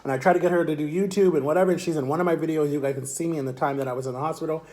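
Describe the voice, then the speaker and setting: A young man telling a long personal story to his camera in a rambling, repetitive, animated way. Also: a little high, very fast. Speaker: vlogger.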